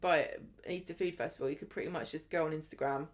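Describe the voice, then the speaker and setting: A woman, co-hosting a casual chat podcast and talking in a jokey, ranting way. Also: low-pitched. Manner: animated, jokey, quick to rant. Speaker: podcast co-host.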